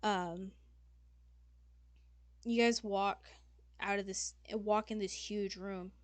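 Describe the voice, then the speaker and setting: A woman's voice: medium pitch, steady tone, slow, no room sound. A woman game master narrating a tabletop game in a loose, casual way, full of fillers and swearing.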